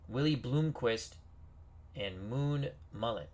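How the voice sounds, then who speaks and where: A man hosts a gaming video, reading player names off team rosters and tossing in casual asides and reactions. His voice is medium-pitched and measured in pace, in the style of relaxed game commentary.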